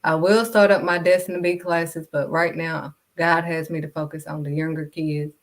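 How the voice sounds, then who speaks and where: A woman's voice: low voice, level tone, moderate pace. Blunt woman preaching to camera. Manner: blunt, direct, scolding, refuses to sugarcoat. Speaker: vlogger and kids' modeling teacher. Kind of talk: preachy faith talk to camera.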